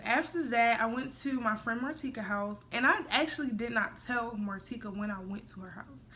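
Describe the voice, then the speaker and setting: A young woman in her early twenties telling a personal story casually as a vlogger, chatty and full of "like" and "y'all", dropping to a hush for her inner thoughts. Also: on the high side, a little hiss or hum. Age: young adult. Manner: chatty, says "like" and "y'all" a lot, drops to a hush for quoted thoughts.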